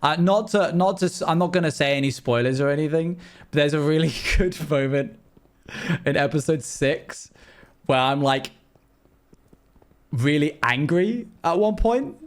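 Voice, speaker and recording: A young man, chatting playfully with his audience while livestreaming a game. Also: on the high side. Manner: chatty, quick asides and playful exclamations. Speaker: streamer. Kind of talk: live game stream chat.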